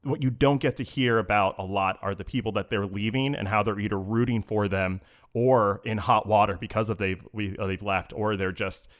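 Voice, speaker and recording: A man's voice: lowish voice, steady tone, moderate pace. A man co-hosting a podcast, earnestly telling a story in casual chat, often restarting his sentences. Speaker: podcast co-host.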